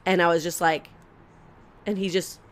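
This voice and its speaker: A woman's voice: on the low side, steady tone, moderate pace. A young adult woman co-hosting a podcast, telling a long story in casual chat, acting out quotes and swearing freely. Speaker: podcast co-host.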